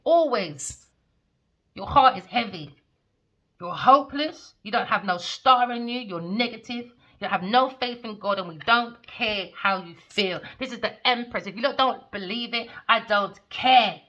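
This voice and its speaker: Brief: blunt woman tarot reader, profane, sharp bright tone. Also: a little high, expressive, moderate pace, dull audio. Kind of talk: tarot reading rant.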